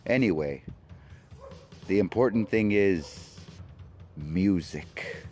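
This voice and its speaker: Slow, low-voiced rambling podcast man. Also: expressive, faint music behind. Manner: loopy, wandering, jokey. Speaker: podcast host. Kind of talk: rambling solo podcast chat.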